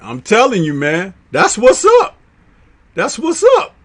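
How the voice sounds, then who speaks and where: A Chicago man with a fairly high voice hosts a live stream chat. He talks loosely in slang and breaks into laughter often. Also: huge pitch swings, unhurried. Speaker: livestream host reading chat.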